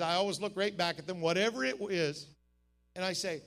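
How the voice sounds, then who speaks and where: High-voiced, bright-toned preacher. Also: male voice, fairly quick. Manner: emphatic, swinging from quiet asides to shouted climaxes. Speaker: pastor. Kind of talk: sermon. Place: camp meeting service.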